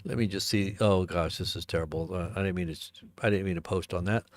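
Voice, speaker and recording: A man preaching and commenting on the news, emphatic, full of rhetorical questions and quick restarts. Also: low-pitched.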